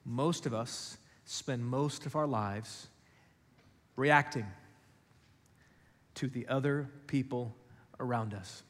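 A man preaching a sermon, telling stories and acting out voices, then dropping low and quiet for key points. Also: slow pace, pauses often. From West Africa. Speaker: pastor. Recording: long hall reverb.

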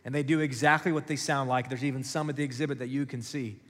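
A man preaching a sermon, telling stories and acting out voices, then dropping low and quiet for key points. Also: fairly even intonation, fast. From West Africa. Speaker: pastor. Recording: long hall reverb.

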